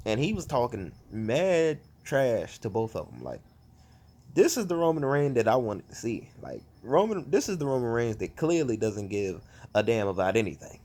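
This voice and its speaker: Animated ranting man, swooping pitch. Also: moderate pace. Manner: animated, profane, exasperated ranting. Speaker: wrestling fan vlogger. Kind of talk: casual ranting review.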